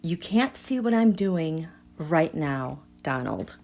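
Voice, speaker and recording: A woman's voice: low-pitched, slow, vocal fry. Dramatic, chatty woman reading tarot live. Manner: dramatic, swings from hushed asides to excited outbursts; chatty, addresses viewers directly. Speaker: tarot reader and livestream host.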